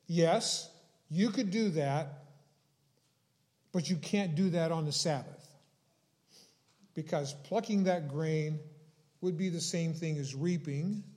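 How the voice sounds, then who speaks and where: Slow, deliberate preaching man. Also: on the high side, warm tone. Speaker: pastor. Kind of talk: sermon.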